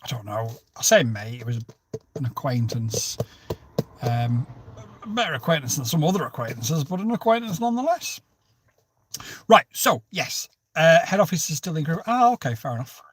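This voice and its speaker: A man's voice: a little high, sing-song, normal speed, slightly rough. Chatty man hosting a stream. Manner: chatty, jokey, jumps between topics and greets viewers by name. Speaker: livestream host. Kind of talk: casual livestream chat, reading and answering viewer comments.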